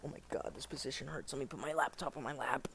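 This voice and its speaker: A woman's voice: very deep voice, fast, creaky, fairly bright tone, a little hiss or hum. A woman hosting a casual manga read-aloud, chatty with amused asides. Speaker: channel host reading a manga aloud. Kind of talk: casual reading with commentary.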